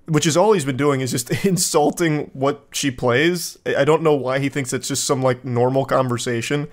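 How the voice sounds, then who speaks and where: A man's voice: medium pitch, fairly even intonation, normal speed, few pauses. A man giving sarcastic, exasperated commentary while reading out text messages, often breaking into laughter.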